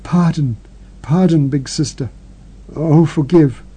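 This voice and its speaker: A man's voice: a little high, dark tone, husky, pitched above the performer's own voice, heavily acted. A man reading the lines of a dying woman who pleads as she confesses to her older sister. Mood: confessing. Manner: pleading, halting.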